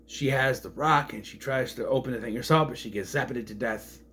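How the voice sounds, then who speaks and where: A man casually recapping a movie, rambling with fillers and slipping into quick voice impressions. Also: mid-range voice, fairly bright tone, a little hiss or hum.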